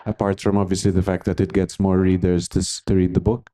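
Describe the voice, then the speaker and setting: A man interviewing an author onstage, asking measured questions with slight hesitations. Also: sits low, monotone, warm tone. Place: festival stage before an audience.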